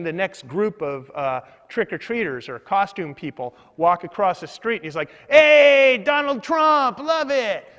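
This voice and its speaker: A man telling a funny personal story in a meandering, self-deprecating way with deadpan asides. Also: fairly high pitch, big-room sound.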